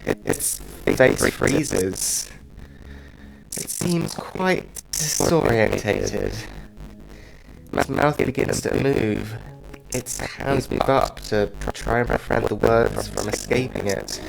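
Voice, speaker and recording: A man narrating a fantasy story to the listener in second person, in a rambling, playful way, over loud music. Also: mid-range voice, slow, vocal fry, low-quality recording. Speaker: narrator and game master.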